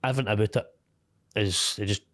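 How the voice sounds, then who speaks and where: A man's voice: fairly low pitch, fairly even intonation, fast talker, fairly bright tone, no echo, clean studio sound. A middle-aged Scottish man talking candidly as an interview guest, blunt, swearing casually and laughing easily.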